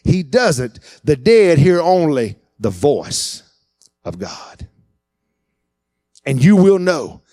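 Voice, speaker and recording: A man preaching a sermon, animated and acting out the voices he quotes. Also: on the high side, takes it slowly, pauses often, no room sound. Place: church.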